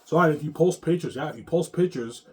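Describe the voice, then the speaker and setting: A man's voice: a little high, fast, a little mellow. A man talking straight to his viewers in a long, rambling monologue, swearing freely and repeating himself, tagging lines with "man" and "yeah". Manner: profane, repetitive, ending lines with "man" and "yeah". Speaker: vlogger.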